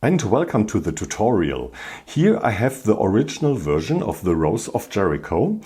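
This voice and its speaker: A man with a German accent talks through a crochet tutorial in a casual, chatty way. His voice sits low, yet it leaps up and down with expressive energy. He tells the story with animated exasperation. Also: normal speed, husky.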